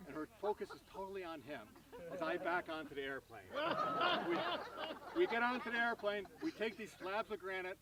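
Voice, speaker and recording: A man giving a tribute at an outdoor gathering, telling a lively anecdote and acting out the people in it. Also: high-pitched, a little fast, very noisy. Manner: animated anecdote, acting out voices. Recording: voice from far off the mic.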